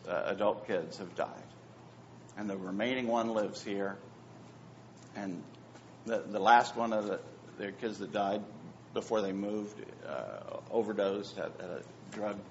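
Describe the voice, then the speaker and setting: A pastor preaching a sermon, swinging between hushed, near-whispered phrases and loud, emphatic repetitions. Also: male voice, fairly low pitch, vocal fry, a little hiss or hum. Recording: dull lo-fi sound with faint ambience.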